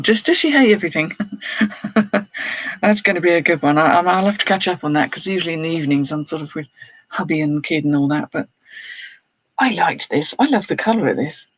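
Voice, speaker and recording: Husky-voiced woman chatting on a live stream. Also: sits low, no room sound, poor audio. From United Kingdom. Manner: chatty, laughs often, reads out viewer comments. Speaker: clothes reseller streaming live. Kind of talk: casual live-stream chat while showing items.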